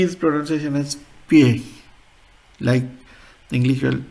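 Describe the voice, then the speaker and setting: A man teaching a beginner language lesson, explaining sounds in a halting way and repeating words. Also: mid-range voice, fairly even intonation, vocal fry, darkish tone.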